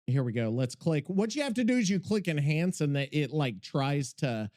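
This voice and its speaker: A man hosting a gaming podcast talks loudly and profanely, laughing and rambling often in casual chat. His voice sits on the high side and is very animated, at normal speed.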